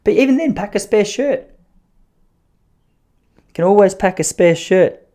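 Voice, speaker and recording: A man's voice: high voice, expressive, measured pace, mellow. A young adult man, hosting a casual solo podcast from a spare room at home and rambling through self-mocking stories full of restarts. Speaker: podcast host.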